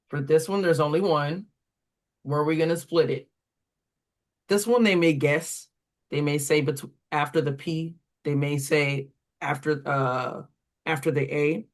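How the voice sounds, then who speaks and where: A reading instructor talks tutors through a phonics exercise at an unhurried pace, pausing over each syllable. The delivery is deliberate and instructional, with the voice pitched in an ordinary middle range. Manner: deliberate, sounds words out syllable by syllable.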